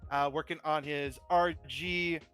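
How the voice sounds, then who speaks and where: A man's voice: a little high, steady tone, measured pace, fairly bright tone, soft background music. A man on a livestream who rambles casually, reads chat aloud and pokes fun at himself. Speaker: streamer and model kit builder, guest.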